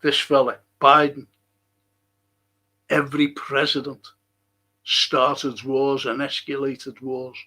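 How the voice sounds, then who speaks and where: A man's voice: mid-range voice, flat delivery, slow, long pauses, sharp tone. A man, older, hosting a podcast in casual rambling talk and chuckling through his stories. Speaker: podcast host.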